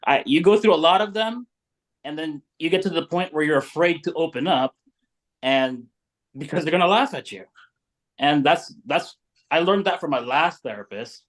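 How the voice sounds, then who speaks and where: A man's voice: fairly high pitch, normal speed. A man on a men's talk show panel, speaking earnestly in a casual discussion, stumbling and repeating words as he goes.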